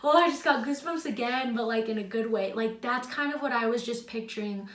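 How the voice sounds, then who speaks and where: A woman's voice: on the high side, brisk, a bit bright. Young female vlogger, casual storytelling, heavy "like", emotional edge, roomy sound. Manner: chatty, heavy use of "like"; emotional, choked up at times. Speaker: YouTuber. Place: her home, indoors.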